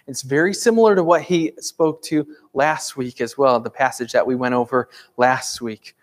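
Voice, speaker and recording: A man's voice: mid-range voice, normal speed. A man in his thirties, a pastor preaching a conversational sermon in a church, earnest and full of rhetorical questions. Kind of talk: sermon with prayer.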